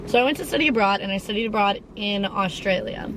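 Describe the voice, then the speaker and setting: A woman's voice: medium pitch, fast, noisy background. A young woman of about twenty hosting her own podcast, in a casual, rambling chat full of tangents and fillers. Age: around 20. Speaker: podcast host.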